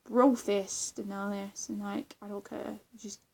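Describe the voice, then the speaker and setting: A woman's voice: mid-range voice, completely flat delivery, normal speed, gravelly, a little mellow. A young woman chatting casually in a vlog, rambling with lots of fillers, restarts and giggles. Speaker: vlogger. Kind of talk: casual chat.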